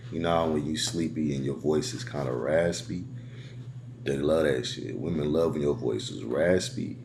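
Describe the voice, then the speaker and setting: A man giving crude bedroom advice in a slow, laid-back casual monologue, heavy on street slang. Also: extremely low pitch, a little mellow, a little hiss or hum. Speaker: dating advice host.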